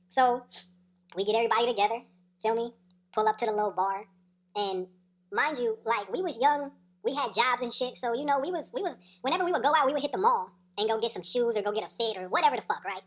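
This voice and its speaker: A woman's voice: a little high, quick pace. A woman telling a story in a casual, slangy, profane way, laughing as she goes. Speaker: storyteller vlogger.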